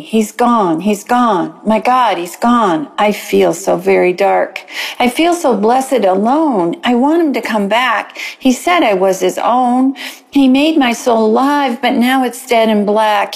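A woman calls in to read her own devotional poem, her voice a little high and husky. She recites slowly and emotionally, pausing between short lines. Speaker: caller reading her poem.

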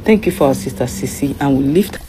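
A woman gently reassuring and praying for another caller. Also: very deep voice, animated, a little fast. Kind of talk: spoken prayer for another caller. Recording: noisy distant line.

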